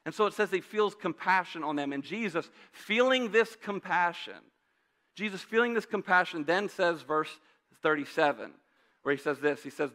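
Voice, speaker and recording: A man's voice: sits high, animated, normal speed, fairly bright tone. A man in his thirties preaching a sermon as a pastor, talking casually with asides and rhetorical questions. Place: church sanctuary.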